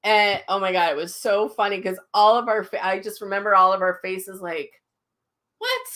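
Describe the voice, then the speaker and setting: A woman hosting a casual chat, vividly retelling a story and acting out the voices in it. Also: fairly quick. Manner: animated retelling, acts out quotes with big pitch jumps. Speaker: host, psychic medium.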